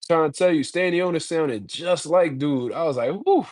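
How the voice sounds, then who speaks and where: Male solo commentator with a slightly high voice. Slangy, profane, heated. Dry close-mic sound. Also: moderate pace, a little mellow, no echo. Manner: blunt, slangy, heated ranting. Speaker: boxing commentator.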